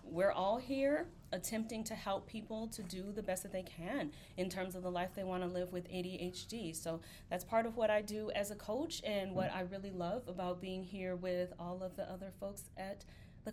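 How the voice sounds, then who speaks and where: Woman coach, measured and encouraging, light background hum. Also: mid-range voice, a little mellow. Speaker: ADHD coach. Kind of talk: casual group reflection.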